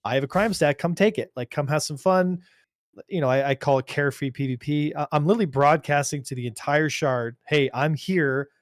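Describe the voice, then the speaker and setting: A man with a slightly high voice co-hosts a casual gaming podcast. He talks in an animated, rambling way, tripping over restarts as he makes his point. The recording is close and dry. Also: fairly quick, dry recording. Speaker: podcast co-host.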